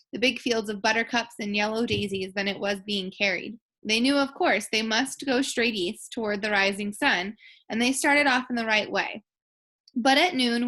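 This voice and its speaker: A woman teacher reading a children's book aloud to her class, gentle and unhurried, sometimes restarting a phrase. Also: on the high side. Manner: gentle, self-deprecating, occasional restarts. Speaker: elementary school teacher.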